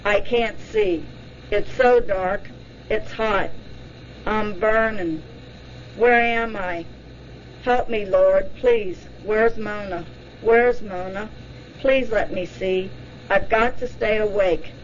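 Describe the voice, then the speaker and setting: A woman's voice: mid-range voice, slow, slight background noise, natural voice. A woman voicing a frightened woman reliving an abduction under hypnosis, pleading in the first person, on a dull lo-fi recording. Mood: distressed.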